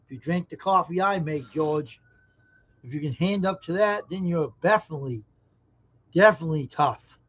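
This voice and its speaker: A man's voice: fairly high pitch, normal speed. A man hosting a live stream, casually joking with viewers and reading their comments. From American South. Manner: folksy, joking, talks straight to chat viewers. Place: indoors at home. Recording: dull lo-fi stream audio.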